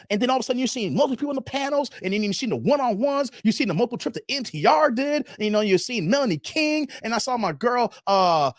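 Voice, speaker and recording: A man's voice: extremely high pitch, dry recording, studio quality. A man hosting a livestream commentary, emphatic and rambling, who repeats himself and uses a lot of slang. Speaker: YouTube commentary host. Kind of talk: livestream commentary with donation shout-outs.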